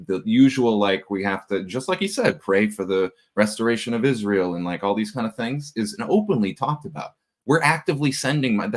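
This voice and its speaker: A man co-hosting a political commentary show, speaking earnestly and emphatically in a casual, unscripted way. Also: lowish voice. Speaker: co-host.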